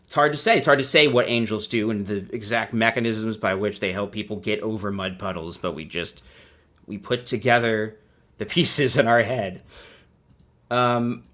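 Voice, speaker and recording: A man's voice: on the low side, moderate pace, fairly bright tone. A man hosting a casual livestream, rambling and sarcastic, often laughing at his own jokes. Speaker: livestream host.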